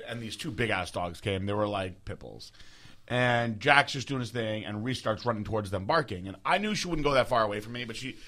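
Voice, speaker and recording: A man's voice: mid-range voice, bright, forceful tone. A man co-hosting a casual podcast, blunt and crude, swearing freely as he tells stories. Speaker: podcast co-host.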